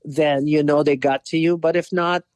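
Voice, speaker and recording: A man in his forties from Russia with a Russian accent, a podcast guest telling lively stories and slipping into quoted voices, with many "you know"s. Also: on the high side, moderate pace, smooth, no room sound. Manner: animated storyteller, acts out quoted voices, frequent "you know". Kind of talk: casual storytelling interview.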